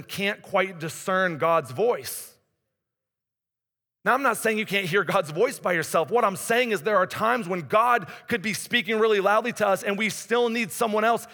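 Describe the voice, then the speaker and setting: A man's voice: high voice, bright, forceful tone. A man in his forties preaching a conversational sermon in a church. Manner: conversational preaching, rises and drops in intensity. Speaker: pastor. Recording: long hall reverb.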